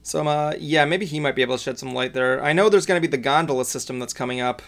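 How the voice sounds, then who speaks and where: A man hosting a loose chat show, rattling on quickly with a gravelly edge to his voice. He rambles, with plenty of ums and restarts. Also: a little high. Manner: rambling, filler-heavy. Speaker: podcast host. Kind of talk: casual chat.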